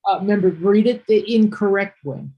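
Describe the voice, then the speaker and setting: Husky woman teaching English. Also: mid-range voice, moderate pace, highs cut off. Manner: patient, correcting and explaining. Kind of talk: one-on-one English lesson.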